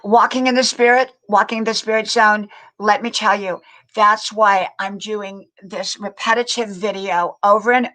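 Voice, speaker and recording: An older woman hosts a casual live stream in a friendly, talkative way. She welcomes viewers by name and often says things twice, in a voice of middle pitch. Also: sharp tone, poor audio. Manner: chatty, greets viewers by name, repeats words. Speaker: livestream host.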